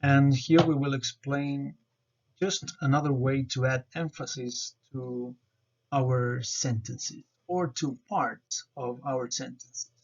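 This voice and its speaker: A man presenting a grammar lesson over slides, explaining in a careful, measured way. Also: mid-range voice, fairly even intonation, a little mellow. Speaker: student presenter. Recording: dull lo-fi recording.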